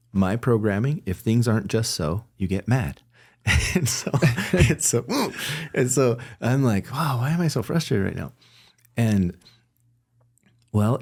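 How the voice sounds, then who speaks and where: His voice sits on the low side, creaky and darkish, as he answers as a guest in an interview. Candid and reflective, he keeps correcting himself and restarting his thoughts, punctuated by little laughs.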